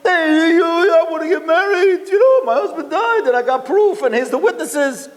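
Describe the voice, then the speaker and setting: A man voicing a scheming young woman who pleads tearfully to be allowed to remarry, in a high, strained voice. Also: brisk, fairly bright tone, long reverb tail. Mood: pleading.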